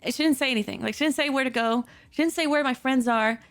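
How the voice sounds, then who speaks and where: A woman with a high, bright-pitched voice chats casually from her computer at home and tells a story. She is animated and giggly and acts out the people in it. Her talk is full of fillers and quick restarts. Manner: many fillers and self-corrections. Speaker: streamer telling stories.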